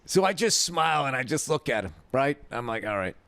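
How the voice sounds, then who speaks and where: A middle-aged man, a comedian host, telling a story in a profane, exasperated, animated rant. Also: mid-range voice, a little fast, creaky, no echo.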